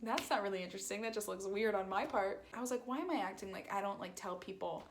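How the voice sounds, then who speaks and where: A woman's voice: mid-range voice, fast talker, a little hiss or hum. A young woman telling a casual storytime, rambling with lots of fillers and acting out quoted lines. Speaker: vlogger.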